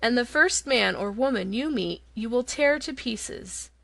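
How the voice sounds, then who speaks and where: Woman voicing a gruff old storybook tiger. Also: on the high side, animated, unhurried, a bit bright, dry recording, heavily acted. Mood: scheming. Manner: growling, boastful then tender. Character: old hungry male tiger, gruff yet kindhearted.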